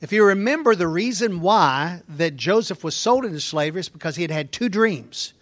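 Higher-voiced man teaching a Bible lesson. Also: animated, a little fast. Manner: informal, explanatory, with fillers and restarts.

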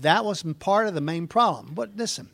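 A man's voice: high-pitched, lively intonation, moderate pace, creaky, a bit bright. A man teaching a conversational Bible lesson, explaining in an informal way with fillers and restarts.

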